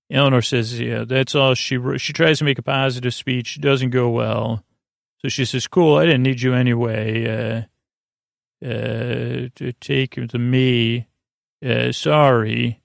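A man with a rough, creaky texture recaps a TV episode for a sleep podcast. His pitch barely moves, and his voice sounds close and dry. He rambles and hesitates, filling gaps with pauses. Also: dry recording. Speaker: podcast host.

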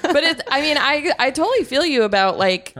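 A woman's voice: high-pitched, sing-song, a little fast, a bit bright. A young woman co-hosting a casual podcast, steering the talk with questions and laughing. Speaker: podcast co-host.

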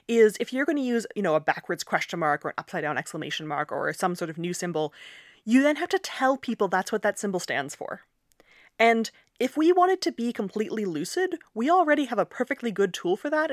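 Woman, linguist guest, animated explainer, laughs often, dry close sound. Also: mid-range voice, no room sound. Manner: animated, laughs often, acts out quoted phrases. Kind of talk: casual interview conversation.

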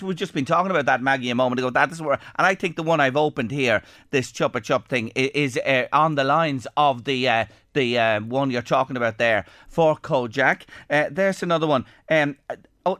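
A man's voice: a little high, pushed and bright, no echo. A man hosting live radio, teasing and laughing through a play-by-play of a studio challenge. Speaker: radio host.

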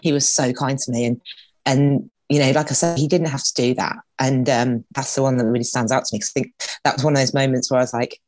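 A woman in her forties with a strikingly deep voice, opening up as a podcast guest. She tells personal stories candidly and emotionally, laughing through tears. The recording is dry and close. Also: fairly even intonation, quick pace, a little mellow, no echo. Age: 40s.

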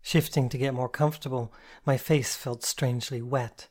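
Male audiobook narrator, mid-pitched, measured first-person storytelling. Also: steady tone, a little mellow.

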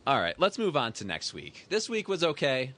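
A man's voice: mid-range voice, wildly swooping pitch, moderate pace, a bit bright, no echo. A man co-hosting a casual sports podcast, easygoing and chatty, often laughing. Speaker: podcast co-host.

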